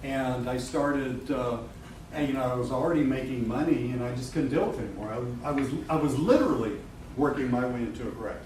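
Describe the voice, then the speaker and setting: A middle-aged man presents a live webinar to a roomful of people, speaking candidly, joking, and often swearing and laughing. His voice is medium-pitched, fairly quick and a little mellow. The recording is echoey and distant, with background noise.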